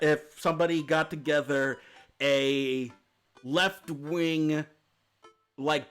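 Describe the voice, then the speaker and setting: A man's voice: fairly high pitch, fairly bright tone. A man streaming a dating sim, reading the story aloud with playful, jokey asides.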